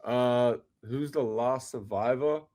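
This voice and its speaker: Australian man, 20s, mid-pitched, laid-back podcast guest giving brief answers. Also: slow, warm tone. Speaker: basketball player guest. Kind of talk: casual interview chat.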